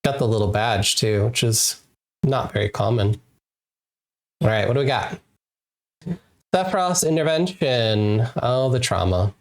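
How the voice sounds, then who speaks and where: Game streamer, casual live chat, playful, excitable, slow-paced, very animated pitch. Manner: playful, excitable, laughs often. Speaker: wholesome RPG game streamer.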